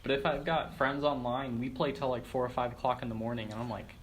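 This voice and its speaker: A man's voice: mid-range voice, fairly even intonation, fast. Laid-back young man, faint room noise. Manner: laid-back, swearing, laughing storyteller. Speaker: podcast guest. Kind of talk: casual chat.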